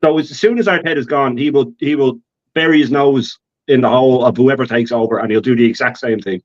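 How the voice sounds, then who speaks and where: A man's voice: medium pitch, fairly quick. Ranting man on a muffled line. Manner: heated ranting with stumbling restarts. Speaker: guest. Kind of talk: casual call-in chat.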